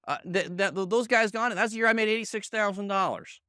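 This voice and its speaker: This middle-aged sales team leader speaks briskly with few pauses in a high, fairly bright, smooth voice. Training a live audience of colleagues in a meeting room, he's emphatic and repetitive, asks "okay?" and "right?", and calls on people by name. The audio is dry and studio quality.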